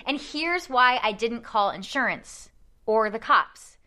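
Bright, lively young woman storyteller. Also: a little high, slow pace. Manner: animated storyteller, acts out voices, many fillers. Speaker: podcast guest telling a story. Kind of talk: casual chat.

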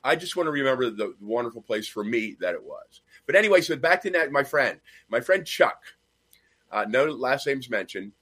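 Animated gay man telling stories. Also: medium pitch, normal speed. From Nashville. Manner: animated storyteller, acts out quoted voices. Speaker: co-host. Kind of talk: casual chat.

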